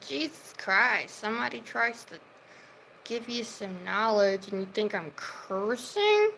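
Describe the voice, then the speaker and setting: A woman's voice: on the high side, expressive, unhurried, creaky, a bit bright, a little hiss or hum, low-quality recording. A woman livestreaming, ranting heatedly at her viewers' comments and swearing as she scolds them. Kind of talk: livestream rant at chat.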